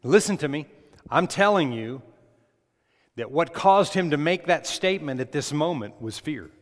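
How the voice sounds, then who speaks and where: A man's voice: fairly high pitch, expressive, moderate pace. Preaching man in a reverberant hall. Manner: emphatic preaching, asks the congregation questions. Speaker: pastor. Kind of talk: sermon.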